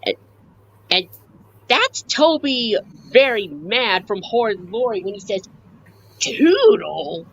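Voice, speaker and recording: Slow-talking woman fan on a live stream. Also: medium pitch, expressive, a bit bright, highs cut off, slight background noise. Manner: slow, halting, lists scenes and quotes lines. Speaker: fan sharing a book collection. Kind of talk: casual live-stream chat.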